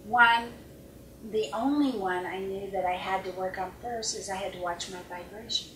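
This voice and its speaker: A middle-aged woman coaching at a seminar, earnest, often acting out short dialogues and sometimes dropping to a calm hush, recorded with a distant mic in an echoey conference room. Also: medium pitch, normal speed, a little hiss or hum. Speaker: life coach speaker. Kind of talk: seminar talk.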